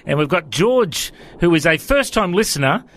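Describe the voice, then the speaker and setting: An upbeat man hosts a call-in radio show and introduces callers briskly. His voice sits high for a man. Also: very animated, fairly bright tone. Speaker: radio host.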